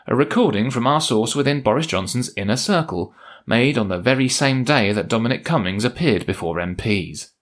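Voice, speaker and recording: A man giving scripted narration in a dry, sardonic manner. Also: on the low side.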